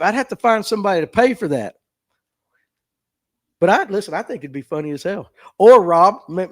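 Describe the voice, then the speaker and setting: A man with a Southern US accent, chatting and joking through a fishing livestream. His voice sits a bit high for a man, and he answers viewer comments in a folksy, self-mocking way. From Southern United States. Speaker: livestream podcast host. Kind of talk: casual livestream chat reading viewer comments. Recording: phone mic.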